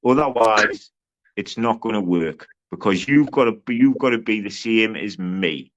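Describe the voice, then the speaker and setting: A man co-hosting a livestream panel, arguing loudly, swearing and mimicking the people he argues with. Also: fairly low pitch, expressive, a little slow. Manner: loud, sweary, mimicking others. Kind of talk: heated livestream argument. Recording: muffled lo-fi stream audio.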